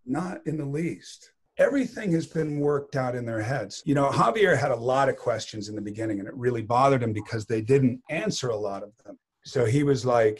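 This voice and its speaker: This middle-aged actor, a guest in an interview, shares casual anecdotes and does voices for what other people said. His husky voice is mid-range, at a normal speed with few pauses, and his delivery is animated.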